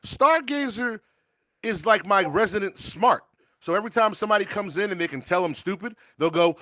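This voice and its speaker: A man's voice: high voice, big pitch swings, fairly quick, sharp tone, no echo. A man hosting a show, talking in casual, profane, joking rants. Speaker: show host. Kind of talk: casual podcast banter.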